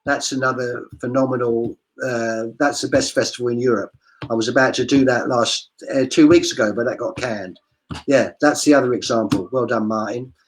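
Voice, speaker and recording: A man's voice: medium pitch, steady tone, moderate pace, low-quality recording. A man on a video call, a street performer talking through his career in a chatty, digressive way. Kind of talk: casual video-call interview.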